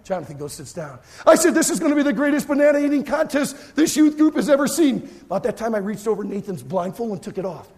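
Animated gravelly-voiced preacher man. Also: very high-pitched, fast, hardly any pauses, slight background noise. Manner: animated, acts out his own shouting and cheering. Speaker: youth pastor. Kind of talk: storytelling sermon.

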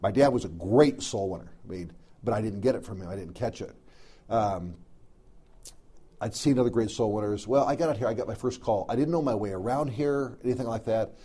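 A man's voice: on the low side, dark tone, husky. A middle-aged man preaching, telling a folksy personal story full of quoted dialogue. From American South. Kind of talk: storytelling sermon.

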